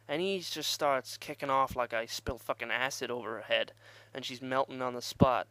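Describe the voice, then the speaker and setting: Young man, vlog storyteller, rambling, swears a lot, laughs at himself, smooth voice, dry sound. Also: medium pitch, normal speed, few pauses, sharp tone, no room sound. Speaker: vlogger. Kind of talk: casual storytelling.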